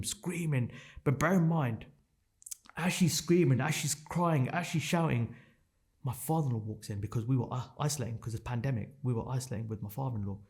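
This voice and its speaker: Male guest, 30s; raw and emotional, punchy repetitions, frequent swearing, middle pitch. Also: a little mellow. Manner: raw, intense, swears often, repeats phrases for emphasis. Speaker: podcast guest. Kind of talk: emotional personal storytelling.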